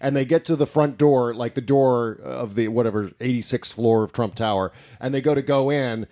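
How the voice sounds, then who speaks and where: Animated, swearing man chatting. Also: mid-range voice, moderate pace. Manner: animated, profane, laughs at his own jokes. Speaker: podcast co-host. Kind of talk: casual chat.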